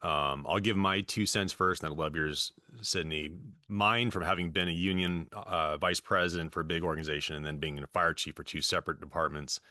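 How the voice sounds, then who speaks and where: A man who was a fire chief, hosting a webinar and asking questions in a measured, friendly way, thinking aloud with fillers. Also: low-pitched, fairly even intonation, pushed and bright, no echo, clean studio sound. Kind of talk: webinar moderating.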